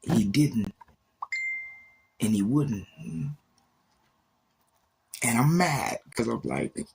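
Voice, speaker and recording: A man's voice: medium pitch, very animated, very slow, vocal fry, a little mellow, a little hiss or hum. A man on a livestream giving an intense, emotional faith testimony, repeating himself and acting out quoted exchanges.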